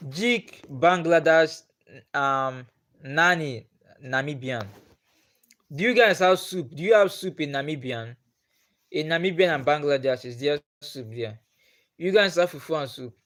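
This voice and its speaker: A man's voice: a little high, fairly bright tone. A man with a Nigerian accent, chatting on a live stream and putting the same questions to his viewers again and again. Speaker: livestreamer.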